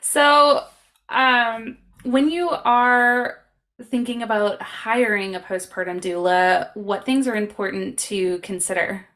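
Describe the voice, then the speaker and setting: A woman co-hosting a podcast who talks in a relaxed, easygoing way and asks questions. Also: on the high side, slow pace. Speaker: podcast co-host. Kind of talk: casual podcast interview.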